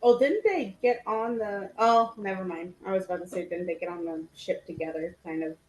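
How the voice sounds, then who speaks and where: A woman's voice: mid-range voice, darkish tone, slight background noise, rough recording. Woman, player, casual tabletop chat, chatty. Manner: quick to laugh, chatty.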